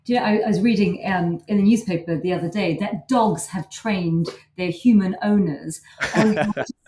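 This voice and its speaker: A woman's voice: mid-range voice, normal speed, mellow, a little hiss or hum. A woman hosting a podcast interview, asking questions in a chatty way as she thinks aloud. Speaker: podcast host. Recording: echoey room, distant mic.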